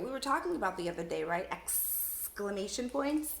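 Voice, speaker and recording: A young woman teacher reading a picture book aloud to children, in an animated, playful way. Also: mid-range voice, normal speed, creaky, echoey room.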